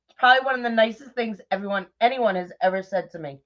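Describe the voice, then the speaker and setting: A middle-aged woman from New York with a New York accent, chatting warmly and effusively with viewers by name while crafting on a livestream. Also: medium pitch, fast. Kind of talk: casual livestream chat while crafting bows. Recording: dull lo-fi livestream audio.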